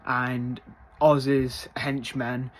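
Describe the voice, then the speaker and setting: A man giving a casual spoiler review, rambling with lots of fillers and bursting into loud excitement. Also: mid-range voice, drawn-out words. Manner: rambling, many fillers, gets loudly excited.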